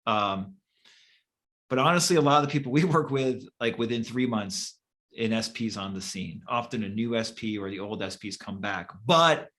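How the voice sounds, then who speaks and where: A man's voice: on the low side, normal speed, a bit bright. Blunt man coaching, casual swearing. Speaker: co-host and manifestation coach. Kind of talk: casual podcast chat.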